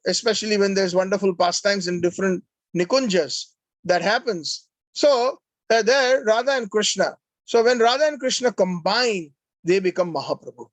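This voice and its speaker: High-voiced man giving a devotional lecture. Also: dry recording. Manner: earnest, explanatory, with frequent filler "uh" and repeated words. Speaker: devotional class speaker. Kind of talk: devotional lecture explaining Sanskrit terms.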